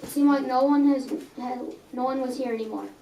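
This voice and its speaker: At a coffee house, a young girl earnestly reads a story she wrote, sometimes stumbling and correcting herself. Her high, mellow voice holds a steady tone at a fairly quick pace. The mic sits some distance away in an echoey room, picking up faint ambience plus a little hiss or hum.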